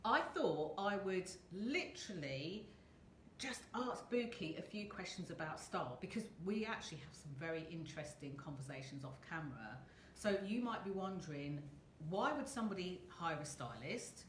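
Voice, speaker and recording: A woman's voice: fairly low pitch, expressive, moderate pace, echoey room, a little hiss or hum. A woman hosting a casual live video chat from a hotel room, chatty and rambling, laughing often. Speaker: host.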